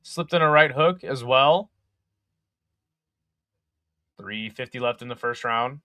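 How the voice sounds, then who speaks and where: Bright-voiced young man calling fights live. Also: medium pitch, takes it slowly, dry recording. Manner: chatty, swears, reads chat aloud. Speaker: live fight companion host. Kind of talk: casual live fight commentary.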